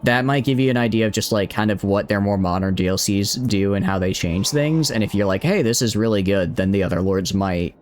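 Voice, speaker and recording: Brisk and with few pauses, this young Southern-accented streamer from the Southeastern US has a voice on the low side. He plays a strategy game and chats casually, rambling and self-correcting as he replies to chat, with slight background noise.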